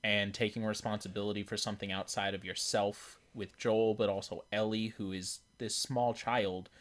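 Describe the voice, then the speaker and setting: A man's voice: fairly low pitch, level tone, normal speed, a bit bright. A man co-hosting a casual chat, talking in a rambling way with many fillers and restarts. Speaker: podcast co-host. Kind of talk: casual chat about video games.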